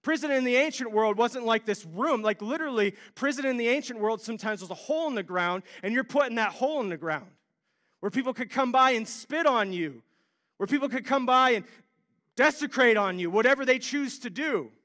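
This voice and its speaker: High, bright-voiced man preaching. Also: brisk. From Ohio. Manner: animated storytelling, self-deprecating humor. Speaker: pastor. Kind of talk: sermon.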